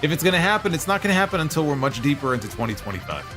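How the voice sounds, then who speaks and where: A man co-hosting a casual chat show, animated and opinionated, laughing easily. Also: on the high side, rapid-fire, music in the background. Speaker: podcast co-host.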